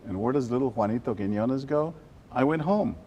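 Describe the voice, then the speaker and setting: An older man from South Texas, an animated storyteller who drops Spanish phrases into his answers during an interview. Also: mid-range voice, brisk, highs cut off. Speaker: journalist guest.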